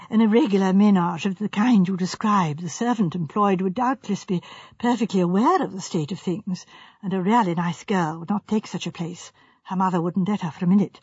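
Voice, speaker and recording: A woman reading the part of a gentle, fussy old spinster who talks in a prim, hesitant, musing way. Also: medium pitch, husky, no echo. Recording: slightly dull, dry recording.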